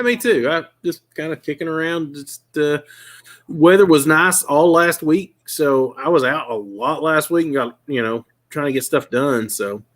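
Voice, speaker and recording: A man's voice: mid-range voice, fairly bright tone. A man chatting casually on a live talk show, laughing easily. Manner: easygoing, laughs often. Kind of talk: casual chat.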